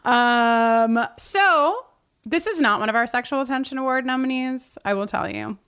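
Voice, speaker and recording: A woman co-hosts a casual podcast over a video call. Her voice sits a little high, and she talks in an animated rush full of fillers and laughs. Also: normal speed, clear, resonant tone. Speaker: podcast co-host. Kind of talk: casual rewatch chat.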